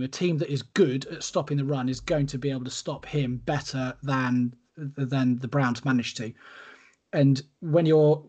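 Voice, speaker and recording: A man's voice: mid-range voice, slightly rough. A man co-hosting a podcast, analysing sport in casual chat with hesitant restarts. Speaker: podcast co-host.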